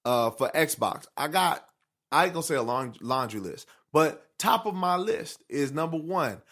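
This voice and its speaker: A man co-hosting a casual studio chat, joking and animated, sometimes jumping into high mock voices. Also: normal speed. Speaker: podcast co-host.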